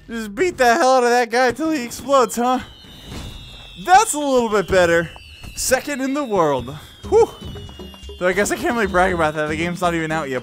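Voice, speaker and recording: An excitable gaming host chats casually through a let's-play, breaking into laughter and exclamations. The voice swoops up and down. Faint game music plays underneath. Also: medium pitch.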